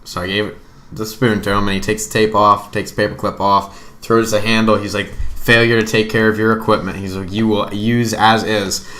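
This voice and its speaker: A young man co-hosting a casual podcast, telling stories with profane, animated energy. His voice sits low yet sounds bright and forceful. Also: a little fast. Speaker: podcast co-host. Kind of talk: casual storytelling among friends.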